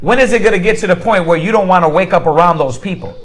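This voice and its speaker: High-voiced man teaching a Bible class. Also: fast talker, slight background noise, poor audio. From United States. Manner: call-and-response questioning, animated acted-out examples.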